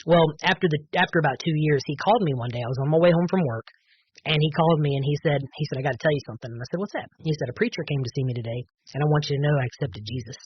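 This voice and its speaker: A man's voice: fairly high pitch, very fast, muffled recording, a little hiss or hum. A man on a podcast telling a personal testimony, earnest and full of fillers and restarts. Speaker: podcast guest.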